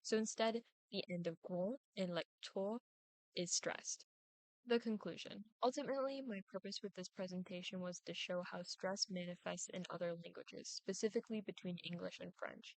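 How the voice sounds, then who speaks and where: A woman's voice: fairly low pitch, fairly even intonation, no echo, low-quality recording. Young woman reading a class presentation. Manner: reads a prepared script, deliberate overemphasis on stressed syllables. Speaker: student presenter.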